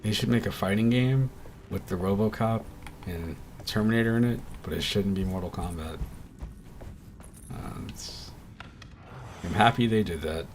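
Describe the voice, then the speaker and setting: A man's voice: on the low side, normal speed, pauses often, soft background music. A man streaming games from home, chatting casually and rambling with lots of fillers and restarts. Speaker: game streamer. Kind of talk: casual streaming chat while playing.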